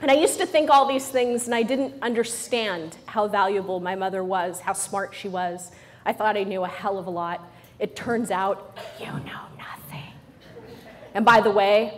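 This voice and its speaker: A middle-aged woman speaking to a live audience in a humorous motivational talk. She sounds playful and teasing, drops quick jokes, and keeps asking "right?" to pull the crowd along. Her pitch sits in an ordinary middle range. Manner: playful and joking, with frequent "right?" asides to the audience.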